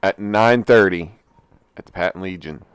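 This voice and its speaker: A man with a low, smooth, resonant voice interviewing a band in a casual way, checking dates by repeating them back. He speaks slowly, and the sound is close and dry. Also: no echo. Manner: unhurried, repeats details back.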